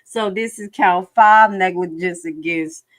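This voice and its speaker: A woman with a low-pitched voice commenting live for her viewers as she reads a lawsuit aloud. She is frank and animated and swears casually. Her tone stays loose and conversational while she talks straight to her audience. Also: a little slow. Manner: animated, swings into high-pitched laughing outbursts and back to low reading.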